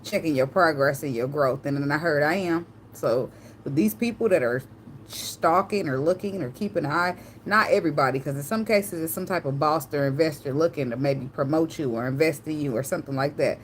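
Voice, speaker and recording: Female tarot reader, AAVE, low pitch, chatty tangents, faint room noise. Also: fairly quick. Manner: chatty, tangential, slangy, swears and laughs. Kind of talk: casual channeled tarot reading.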